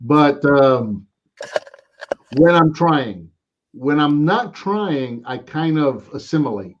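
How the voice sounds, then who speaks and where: A man's voice: on the high side, animated, slow pace, dull audio, a little hiss or hum. An American man chatting casually on a live stream about toy collecting, rambling and saying "man" a lot. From United States. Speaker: co-host.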